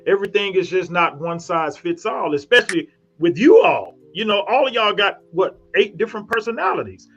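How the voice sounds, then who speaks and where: A man's voice: high voice, sing-song, fairly quick, a bit bright, lo-fi sound. A man arguing defensively on a live panel show, acting out his own lines in quotes. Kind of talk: heated panel debate.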